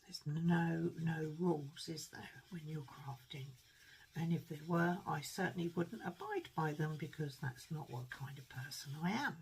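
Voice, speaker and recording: A woman's voice: low-pitched, expressive, a little slow, a little hiss or hum, poor audio. A woman chatting through a card-making tutorial at her craft table, rambling and self-deprecating as she mutters to herself while she works.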